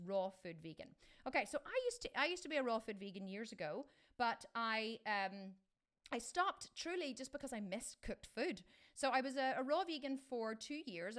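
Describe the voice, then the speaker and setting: A middle-aged woman coaching fitness in a casual live Q&A, chatty and enthusiastic, with many restarts. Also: fairly high pitch.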